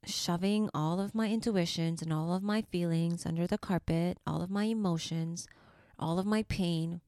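A woman hosting a spiritual podcast for mothers, speaking softly and affectionately and sometimes dropping to a whisper. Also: lowish voice, steady tone, moderate pace, no echo, clean studio sound. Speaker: podcast host and life coach. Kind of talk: slow, soothing spiritual podcast talk.

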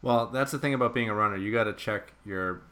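A man co-hosting a running podcast, telling stories in a chatty way and repeating words when excited. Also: lowish voice, quick pace. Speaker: podcast co-host. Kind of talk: casual chat.

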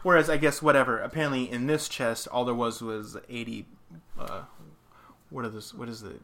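A man casually telling a gaming story, animated, laughing often as he tells it. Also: medium pitch, normal speed.

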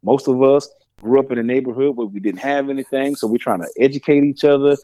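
A man co-hosting a sports radio show, telling stories in a lively way about his playing days. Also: medium pitch, quick pace, no room sound. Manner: lively, storytelling. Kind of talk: casual sports talk.

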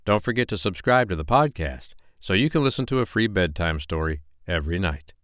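Male bedtime story narrator, low voice, animated delivery, dry close mic. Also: fairly quick, no room sound. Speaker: bedtime story podcast host.

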